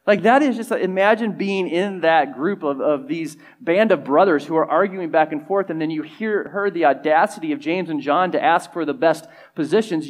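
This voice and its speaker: A man with a slightly higher voice preaches a sermon. He talks in a casual, conversational way and acts out other people's lines. His volume swings from loud emphasis to soft, quiet lines. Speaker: pastor.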